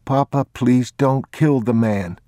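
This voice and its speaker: A man's voice: takes it slowly, dark tone, no echo, clean studio sound, natural voice. A man reading an audiobook, voicing a frightened young boy who pleads through tears. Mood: pleading. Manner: high, pleading, tearful.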